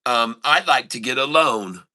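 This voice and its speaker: A man's voice: mid-range voice, lively intonation, measured pace, sharp tone. A man telling of a frog wanting a loan. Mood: matter-of-fact. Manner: told in a joke with matter-of-fact delivery. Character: polite male frog asking for a bank loan.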